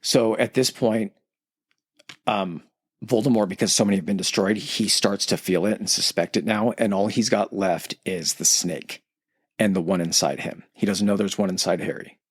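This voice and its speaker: A man's voice: on the low side, fairly even intonation, normal speed, slightly rough, no room sound, studio quality. A podcast host in casual chat, loosely retelling a story and acting out the quotes in his own voice.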